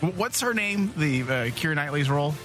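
A man's voice: a little high, lively intonation, a little fast, a bit bright, faint music behind. A man in his forties co-hosting a podcast, joking and rambling in casual banter, laughing often. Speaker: podcast co-host.

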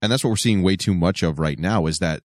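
A man's voice: low voice, quick pace, no room sound. A man co-hosting a talk show, cracking jokes in casual banter. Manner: wisecracking. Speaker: co-host.

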